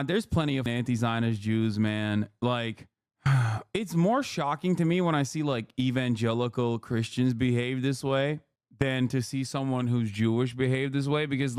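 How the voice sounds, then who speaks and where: A man's voice: medium pitch, a little slow, clean tone, dry recording, studio quality. Sarcastic man reacting to clips. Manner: loose, laughing, sarcastic mock voices. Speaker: streamer reacting to videos. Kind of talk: casual reaction commentary.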